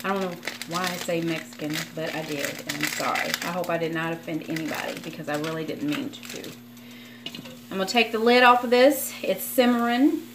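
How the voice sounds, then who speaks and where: A woman's voice: on the low side, fairly quick, very noisy. A woman vlogger talking casually through a cooking demonstration in her home kitchen, rambling and chatty with apologetic asides. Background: frying and sizzling in a skillet.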